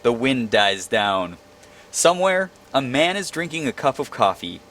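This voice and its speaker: A young man reading a visual novel aloud as its narrator, breaking off into animated, self-mocking commentary. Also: mid-range voice, unhurried. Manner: animated, laughing asides between read lines. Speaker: game streamer.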